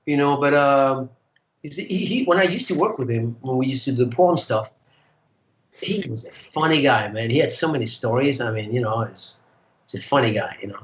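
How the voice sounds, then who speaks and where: A man, a guest singer, telling animated stories in casual chat and acting out the voices of people he quotes. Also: medium pitch, normal speed, roomy sound, muffled recording, a little hiss or hum. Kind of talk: casual storytelling.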